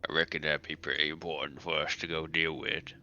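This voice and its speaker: Man, very low voice, tense edge, drawling player. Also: little pitch movement, fairly quick, sharp tone, highs cut off. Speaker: player in a tabletop game. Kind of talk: casual in-character chat.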